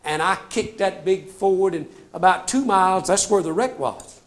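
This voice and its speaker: On stage, an older man with a high voice tells comic trooper stories at a moderate pace. His stand-up storytelling is folksy and self-mocking, and he often calls the crowd "folks".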